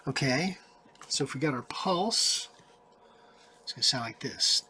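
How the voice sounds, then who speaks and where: A man's voice: fairly high pitch, lively intonation, measured pace, bright, forceful tone, slight background noise. A man giving a casual music tutorial, chatting loosely and counting and singing rhythms aloud as he writes notes. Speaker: music teacher.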